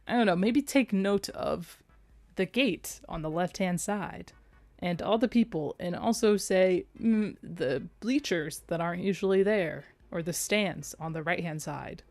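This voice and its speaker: A woman's voice: on the low side, a little slow, darkish tone, no room sound. A young adult woman streaming, chatting casually and playfully, with frequent giggles and rambling asides. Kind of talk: casual livestream chat.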